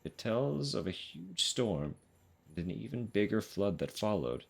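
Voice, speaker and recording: A man's voice: lowish voice, very animated, measured pace, vocal fry, breathy edge, heavily acted. A man reading as a folksy gourd-growing storyteller.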